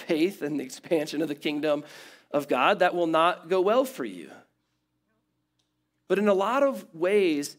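Male pastor, sermon delivery, emphatic builds and soft drops, voice a bit high. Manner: emphatic, builds in repeated phrases, then drops quiet.

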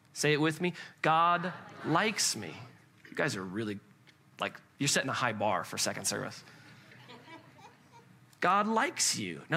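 A man preaching a sermon as pastor to a church congregation, conversational and animated, often restarting with repeated words. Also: high voice.

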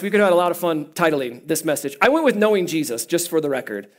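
A man preaching a sermon as pastor, animated and playful, joking with the listeners as he teaches. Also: sits high, quick pace, hardly any pauses. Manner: animated, playful, jokes with the congregation.

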